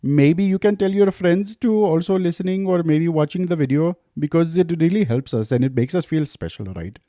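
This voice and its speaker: A man putting on a mock Indian accent in casual podcast chat, with halting, exaggerated politeness. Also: on the high side, animated, mellow, no room sound, clean studio sound, voice pushed up. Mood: pleading.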